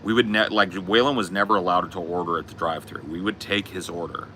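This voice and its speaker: A man hosting a podcast, telling a story in a profane, laid-back, animated way. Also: sits low, fast, a little hiss or hum. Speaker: podcast host. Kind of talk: casual chat, storytelling.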